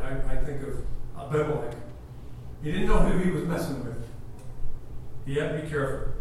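A man preaching a sermon with animated storytelling, acting out the dialogue himself, heard from afar in an echoey church hall. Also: medium pitch, normal speed, long pauses, distant mic. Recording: echoey room from afar with faint noise.

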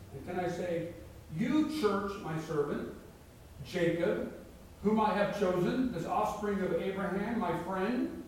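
High-voiced preacher in an echoing hall. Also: male voice, a little mellow, a little hiss or hum. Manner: reads scripture aloud with emphatic rises. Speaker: pastor. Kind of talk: sermon. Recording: very echoey hall, mic far off.

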